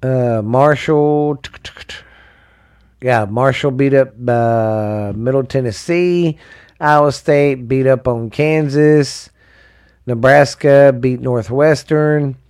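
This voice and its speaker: Male podcast host, unhurried and profane, loose rambling read. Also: medium pitch, darkish tone, smooth. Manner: rambling, profane, drawling, reads lists with fillers. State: dry mouth. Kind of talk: casual sports podcast rundown.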